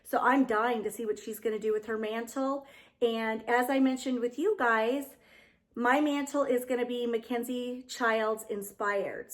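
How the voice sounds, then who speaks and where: Chatty high-voiced woman decor vlogger. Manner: gushing, heartfelt, chatty. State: getting emotional. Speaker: home decor YouTuber. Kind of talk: casual vlog chat to viewers.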